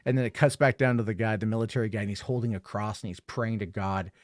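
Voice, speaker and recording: A man's voice: lowish voice, fairly even intonation, fast, dry recording, studio quality. A man giving a casual spoken film review, rambling with lots of fillers and an amused tone.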